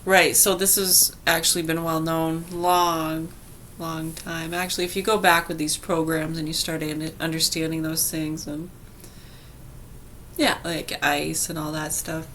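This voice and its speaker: A woman's voice: low-pitched, unhurried, a little hiss or hum. A woman vlogging casually, telling a story in a chatty way with frequent laughter. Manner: chatty, laughing, animated retelling.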